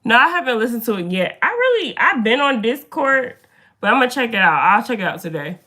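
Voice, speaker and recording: A young woman hosts a casual live stream from a room indoors. She greets viewers by name and chats with them in an animated way. Her voice is bright and crisp. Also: fairly high pitch, fast. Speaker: livestreamer.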